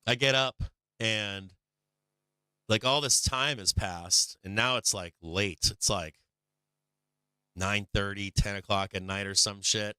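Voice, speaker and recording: A man's voice: lowish voice, steady tone, slow pace, pauses often, pushed and bright, smooth, no echo, studio quality. A man hosting a live stock market stream, telling a rambling, profane story with lots of fillers between market remarks.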